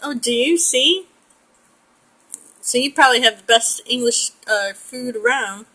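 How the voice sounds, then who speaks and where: Woman, middle-aged, chatty and rambling, bright voice, slightly high. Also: a little slow, rough recording. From United States. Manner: chatty, rambling, laughs often. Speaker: pet portrait artist. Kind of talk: casual chat while painting.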